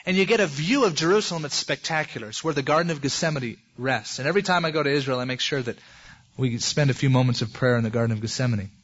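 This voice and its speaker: A man's voice: medium pitch, fast talker, fairly bright tone. A man preaching an expository sermon in a conversational way, acting out the voices of people in the passages he quotes. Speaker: pastor. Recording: dull lo-fi recording.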